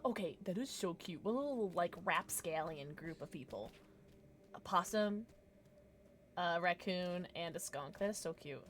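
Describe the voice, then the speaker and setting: A woman streaming a horror game live, chatting with her viewers, thanking them and reacting loudly to scares. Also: fairly low pitch, a little hiss or hum.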